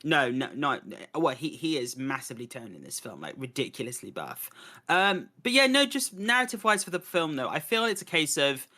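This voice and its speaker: A man talks through a film review in loose, casual podcast chat, and his voice rings bright and forward. He rambles, circles back and restarts his sentences often, with plenty of fillers between thoughts. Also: fairly high pitch, very animated, a little fast. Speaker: podcast host.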